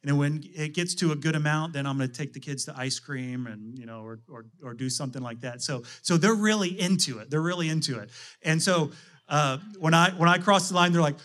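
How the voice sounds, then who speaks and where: A man's voice: fairly high pitch, a little fast, fairly bright tone. A middle-aged man, a pastor, delivering a conversational sermon full of restarts and rhetorical questions.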